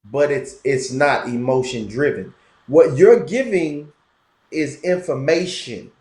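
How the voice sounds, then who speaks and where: A man's voice: mid-range voice, slow pace, echoey room. A man with a Southern Florida twang talking emphatically in a casual conversation, repeating himself for effect. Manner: animated, emphatic, repetitive. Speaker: podcast guest.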